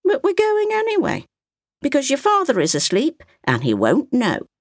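A woman's voice: sits high, huge pitch swings, moderate pace, no echo, clean studio sound, voice pushed up, exaggerated voice. A woman voicing an old grandmother, curt, sly and disdainful, in a storybook reading.

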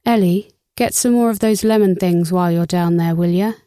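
A sheepish, clumsy male drummer with a good heart, low-toned and mellow, sounding dry and close, as a woman narrator puts him on. He talks in an apologetic, hangdog way. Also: moderate pace, smooth, dry recording, natural voice.

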